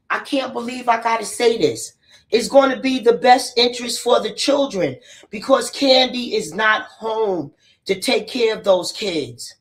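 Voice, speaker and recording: A woman's voice: a little high, fairly bright tone. Blunt, cursing woman in an echoey room. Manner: blunt, profane, repeats phrases for emphasis. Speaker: spiritual messenger and celebrity commentator. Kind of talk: casual ranting commentary to camera. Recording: roomy echo, distant from the mic.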